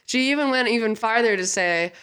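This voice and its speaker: A woman hosting a casual podcast, telling stories in an animated way and quoting people. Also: on the high side, smooth. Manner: animated storyteller, quick to laugh and quote others. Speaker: podcast host.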